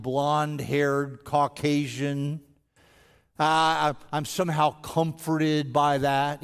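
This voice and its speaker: In a large church sanctuary full of long hall reverb, a senior pastor with a smooth, somewhat high voice delivers a sermon. His conversational talk has frequent stammered restarts and climbs into intense rhetorical questions.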